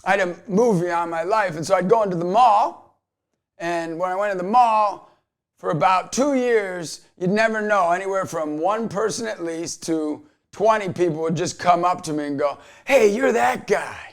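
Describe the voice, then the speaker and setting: A man giving a motivational faith talk who tells a personal story with laughs, then builds into loud, slow preaching. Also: high-pitched. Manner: builds from quiet asides to shouted preaching. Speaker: Catholic evangelist speaker.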